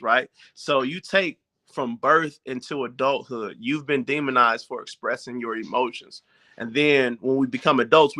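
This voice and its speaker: A man with a bright, forceful voice talks straight to his viewers about raising children. He sounds informal and direct, and he keeps checking that his listeners are following along. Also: medium pitch. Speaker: parent giving parenting advice. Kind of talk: casual talk to viewers.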